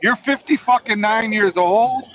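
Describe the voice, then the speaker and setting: A man with a high voice hosts a loose, swearing chat about trucking, rambling and ribbing the people he talks with. The audio sounds dull and lo-fi. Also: a little slow, fairly bright tone, no room sound. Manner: profane, rambling, teasing. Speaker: trucker and podcast host. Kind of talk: casual chat.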